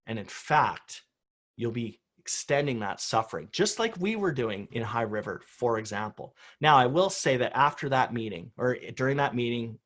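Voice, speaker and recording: Husky-voiced man giving a punchy talk. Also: mid-range voice, lively intonation, moderate pace, fairly bright tone. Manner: emphatic, punchy, repeats key phrases for effect. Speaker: conference speaker on crisis response. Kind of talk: motivational conference talk.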